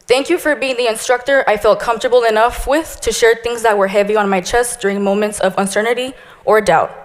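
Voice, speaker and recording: A young woman with a rather high voice reads an earnest, heartfelt thank-you speech as a graduating police cadet. Her words ring out with a long reverb from a large hall. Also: fairly even intonation, brisk. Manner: earnest, heartfelt, tearful near the end.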